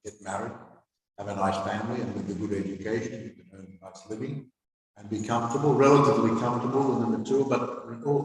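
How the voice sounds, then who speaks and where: A man giving a devotional scripture class, reading aloud and then commenting in a halting way, with many fillers and restarts. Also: on the low side. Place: temple hall. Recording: echoey hall, voice from far off.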